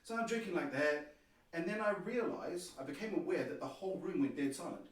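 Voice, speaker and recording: A man, a podcast guest, telling a personal story in an animated way and acting out the dialogue. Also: fairly high pitch, fairly quick. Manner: animated, acts out quoted dialogue. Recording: very echoey room, distant mic.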